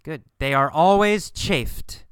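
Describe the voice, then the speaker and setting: Guy teaching english slow and clear, says things twice, kinda high bright voice, super dry close mic. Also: no echo. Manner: slow, emphatic, repeats phrases for learners. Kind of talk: English listening lesson.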